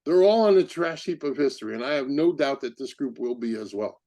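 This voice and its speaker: A man hosting a podcast, giving heated, indignant commentary full of rapid rhetorical questions. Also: medium pitch, animated, mellow. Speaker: podcast host. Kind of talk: impassioned commentary.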